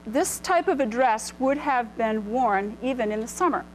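A woman's voice: on the high side, expressive, normal speed, slight background noise, poor audio. A middle-aged woman presenting clothing history to a live audience, casual and full of ums and restarts, in a lecture room. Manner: chatty, many ums and restarts. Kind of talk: informal illustrated lecture.

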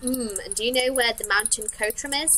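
A woman voicing a polite, curious young girl in a horror game, in a high sweet girlish voice. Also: brisk, sharp tone, a little hiss or hum.

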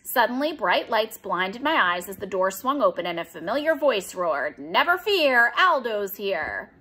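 A woman narrating a children's storybook aloud with an expressive, animated reading. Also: medium pitch, moderate pace, slightly rough. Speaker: audiobook reader.

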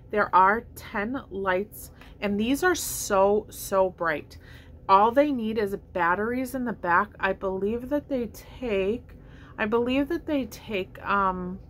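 A woman's voice: medium pitch, a little hiss or hum. A woman chatting casually about her shopping haul at home, upbeat and rambling, with hiccups. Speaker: vlogger showing a shopping haul. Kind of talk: casual haul chat to camera. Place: at home indoors.

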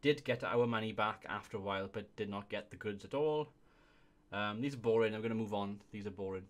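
A man's voice: lowish voice, a little fast. A young man hosting a casual comedy video, reading reviews aloud and often breaking into laughter. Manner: giggly, keeps breaking into laughter. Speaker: video host.

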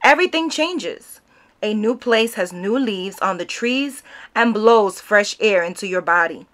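A woman voicing a gentle, cheerful immigrant father in a children's story, speaking in a reassuring tone. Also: medium pitch, animated, a little slow.

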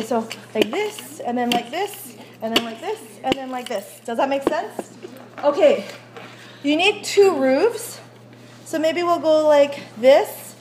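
High-voiced chatty woman teacher. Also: noisy background. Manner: chatty, checks understanding often. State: out of breath while rolling dough. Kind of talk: classroom baking demonstration. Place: school classroom kitchen.

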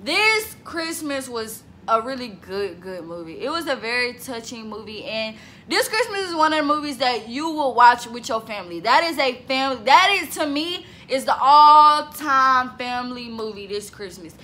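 A woman of twenty chatting casually to camera in a vlog, lively and talkative, breaking into bits of song. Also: a little high, normal speed, a little hiss or hum. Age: 20s. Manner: chatty, animated, laughs and sings bits. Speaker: vlogger.

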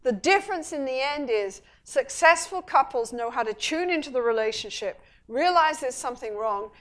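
A woman's voice: high-pitched, moderate pace. A middle-aged woman, a couples therapist, giving a public talk and bringing her points to life by acting out bits of dialogue. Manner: animated storytelling, acting out dialogue. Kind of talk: public lecture.

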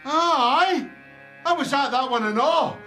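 An actor with a Scottish accent playing a touchy, dramatic middle-aged ex-soldier wearing a dress in a comedy. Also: male voice, very high voice, takes it slowly, bright, forceful tone, soft background music, full character voice. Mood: defensive. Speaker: comedy character, a veteran in a dress. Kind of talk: sitcom acting.

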